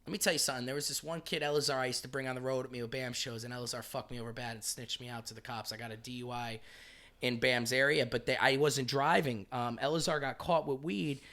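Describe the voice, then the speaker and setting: A male comedian telling animated, profane stories as a podcast guest, acting out what other people said. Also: medium pitch, fast. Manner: animated, profane, acts out quotes in voices. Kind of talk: casual podcast storytelling.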